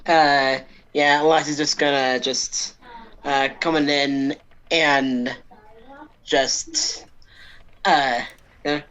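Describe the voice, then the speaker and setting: A woman's voice: deep voice, fairly even intonation, drawn-out words, long pauses, a bit bright, clear, resonant tone, rough recording. A woman player describing her character's actions in a tabletop game. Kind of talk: tabletop role-play.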